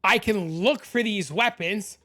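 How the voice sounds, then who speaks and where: A hoarse man hosting a gaming channel, talking excitedly and rambling step by step through a screen-recorded game tutorial into a desk microphone. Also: sits high, measured pace. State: hoarse, losing his voice.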